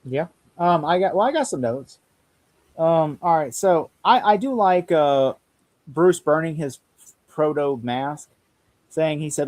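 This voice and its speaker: Rambling young man, slightly high voice. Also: animated, a little slow, darkish tone. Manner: rambling, laughs often, acts out quotes. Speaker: podcast host. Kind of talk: casual chat.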